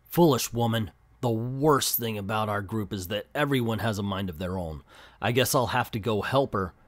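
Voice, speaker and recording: A man's voice: on the low side, moderate pace, close to an everyday voice. A man voicing a female alien leader who speaks in an urgent, commanding way.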